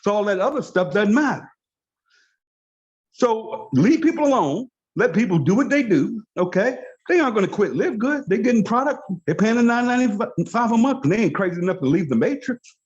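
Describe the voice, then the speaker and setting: A man's voice: high voice, very animated, fairly quick. A man giving an emphatic, motivational training talk on a video call, repeating his key phrases to drive them home. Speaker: network marketing trainer. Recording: dull lo-fi call audio.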